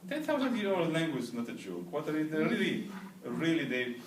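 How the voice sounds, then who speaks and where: A language teacher with a fairly high voice and big pitch swings lectures fairly quickly, at times leading the class in repeating words and checking for understanding as he goes. Captured by a far camera, the sound is roomy and distant with faint background noise.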